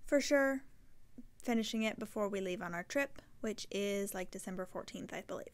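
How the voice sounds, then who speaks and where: A woman's voice: medium pitch, normal speed. A woman hosting a knitting podcast, talking casually and rambling, often correcting herself mid-sentence. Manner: rambling, self-correcting, chatty. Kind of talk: casual chat to camera.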